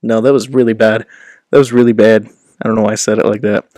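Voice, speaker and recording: A man's voice: fairly low pitch, flat delivery, fast, warm tone, dry recording. Rambling, self-deprecating young man. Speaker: host. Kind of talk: casual rambling vlog. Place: home recording setup. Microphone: desk microphone.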